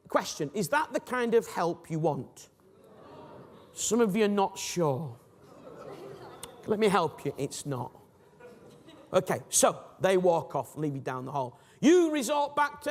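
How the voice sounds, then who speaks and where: A man giving a Christian teaching talk, animated and jokey, acting out scenes for his listeners. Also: high voice, unhurried, pauses often. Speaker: Christian speaker. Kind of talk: teaching talk with acted illustrations. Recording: long reverb of a hall.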